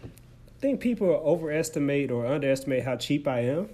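A man from Arkansas co-hosting a podcast in casual chat, talking in a laid-back, measured way that often trails off. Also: on the high side, expressive, mellow. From Forest City, Arkansas. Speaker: podcast co-host. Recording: faint background noise.

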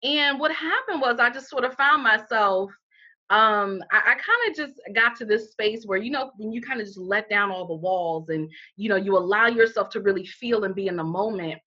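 Her voice is mid-range, husky and sharp, with lively intonation at a normal speed. The founder of a healing center, a middle-aged interview guest, shares her own story candidly and with emphasis, often saying "you know," and the lo-fi recording sounds dull.

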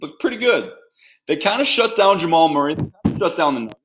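A man's voice: fairly high pitch, very animated, quick pace, background noise. A man hosting a sports podcast, delivering a blunt, fired-up, opinionated rant.

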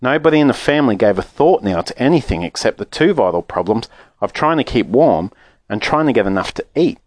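A man narrating a children's book aloud in an expressive, animated way. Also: mid-range voice, fairly quick, no room sound, clean studio sound. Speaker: audiobook narrator. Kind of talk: storybook narration.

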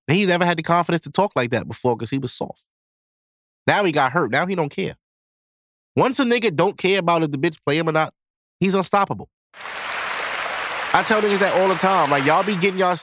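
A man's voice: fairly high pitch, fairly bright tone, no room sound, clean studio sound. Blunt, profane man on a podcast. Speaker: podcast host. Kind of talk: casual chat.

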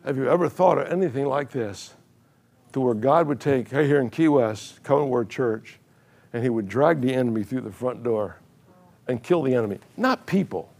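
A man's voice: medium pitch, animated, normal speed, creaky, a little mellow. An older man preaching a sermon in a church, telling a story with chuckles and many repeated words. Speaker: pastor.

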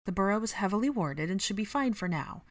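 A woman's voice: mid-range voice, lively intonation, fast talker, dry recording, voice pushed up, lightly acted. A woman reading the part of a caring, motherly middle-aged matriarch in a storybook reading.

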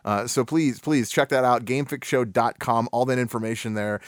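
A man's voice: medium pitch, normal speed, no echo, studio quality. A man hosting a casual gaming podcast, full of "uh"s, repeated words and easy laughs. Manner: filler-heavy, repeats words, laughs often. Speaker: podcast host.

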